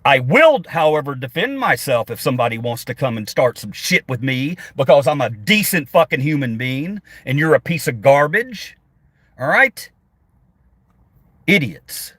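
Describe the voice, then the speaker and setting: A man's voice: mid-range voice, sing-song, normal speed, fairly bright tone, dry recording. Profane middle-aged man ranting at chat. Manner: combative and sarcastic, swearing often. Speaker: livestreamer reading chat comments. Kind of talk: profane live-stream rant. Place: in a car while driving. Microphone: phone.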